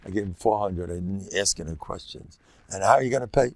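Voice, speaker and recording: An older man giving a rabbi's lecture in lively storytelling style, full of halting restarts and Yiddish and Hebrew words, often jumping into a high excited pitch and laughing at his own stories. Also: dry recording.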